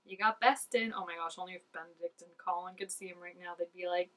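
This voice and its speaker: A woman's voice: fairly low pitch, fairly quick, distant mic, poor audio. Chatty woman reacting a bit off-mic. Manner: chatty and excitable, peppered with "like", drops to soft asides. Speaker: reaction video host. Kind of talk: casual reaction commentary.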